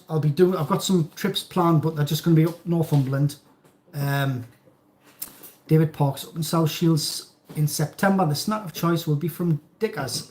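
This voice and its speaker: A chatty middle-aged man with a Geordie accent hosts a live stream from home, reading out comments and wandering off into jokes. His voice sits a little higher than most men's. The room gives it a noticeable echo. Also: a little mellow. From North East England. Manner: chatty, rambling, jokey. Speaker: channel host. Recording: roomy echo.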